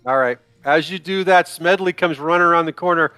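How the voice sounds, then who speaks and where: High-voiced man running a tabletop game. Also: clear, resonant tone, no room sound, faint music behind. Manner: relaxed, halting narration with restarts. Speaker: dungeon master.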